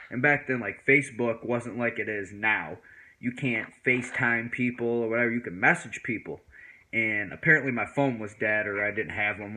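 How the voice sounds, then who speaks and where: Guy telling a story on his vlog, bright voice, does higher voices for his friends, bit of faint noise behind. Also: low-quality recording. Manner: animated, acts out friends' voices in higher pitch; laid-back slang-heavy talk. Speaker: vlogger. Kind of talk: casual storytelling.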